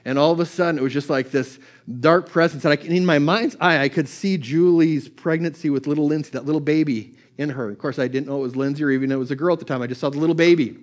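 A man with a notably high voice delivers a fervent sermon. He presses each point home, circling back to the same scripture line over and over. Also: fast. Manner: impassioned, repeats scripture over and over. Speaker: pastor.

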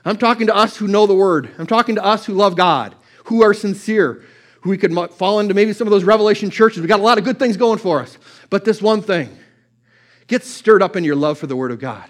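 A man's voice: sits high, a little fast. A man preaching a sermon, passionate and repetitive, quoting scripture again and again. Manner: impassioned, repeats scripture over and over. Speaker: pastor.

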